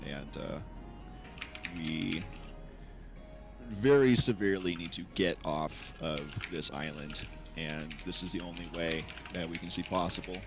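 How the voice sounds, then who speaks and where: A man speaking in character in a tabletop game, earnest and measured. His voice sits very low, with faint music underneath. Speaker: player. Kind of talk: in-character tabletop role-play.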